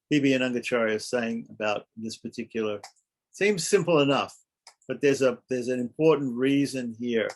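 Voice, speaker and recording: A man teaching a scripture study class, explaining carefully, repeating points and often checking that listeners follow. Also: mid-range voice.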